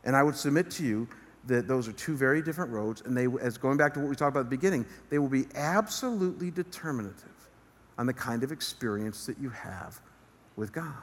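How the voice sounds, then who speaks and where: A man's voice: medium pitch, lively intonation, quick pace. A male pastor preaching an earnest sermon from a church stage, building emphasis as he speaks. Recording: long reverb of a large hall.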